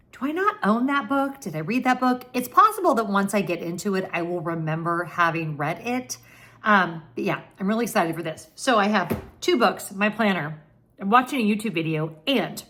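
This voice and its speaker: A middle-aged American woman chatting casually to camera from her home, expressive and animated. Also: fairly low pitch. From United States. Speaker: vlogger. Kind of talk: casual vlog chat to camera. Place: home, indoors.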